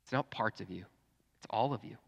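A pastor preaching a sermon, earnest, dropping to a hush and then rising to fervent emphasis. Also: male voice, fairly low pitch, fairly quick, gravelly. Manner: earnest, swings from hushed to fervent. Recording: long reverb in a church hall.

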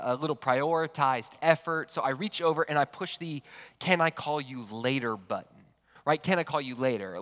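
A man preaching a sermon to an online congregation, telling a personal story in a lively, conversational way. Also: a little high. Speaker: pastor. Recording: long hall reverb.

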